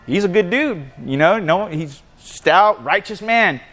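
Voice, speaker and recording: A man's voice: high-pitched, expressive, measured pace, fairly bright tone, soft background music. A man voicing God as an easygoing, confident figure who talks like a buddy while he retells a story. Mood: casual confident. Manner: casual, buddy-like.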